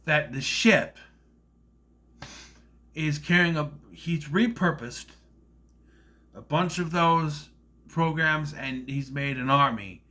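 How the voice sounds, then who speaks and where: A man's voice: mid-range voice, sharp tone. A man giving a casual, rambling movie review, often slipping into silly voices to act out lines. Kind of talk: casual film review monologue.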